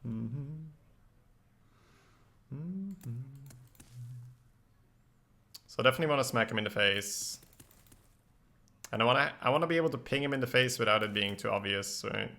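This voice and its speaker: A man's voice: mid-range voice, animated, normal speed, long pauses, sharp tone. A man streaming a card game, talking through his plays in casual, analytical commentary and laughing easily. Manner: analytical, thinks aloud about plays.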